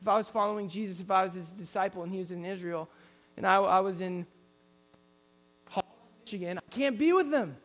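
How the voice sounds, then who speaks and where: A man's voice: high-pitched, level tone, brisk, pauses often, a bit bright, long reverb tail. A man preaching a sermon in an earnest storytelling way, often restarting his sentences.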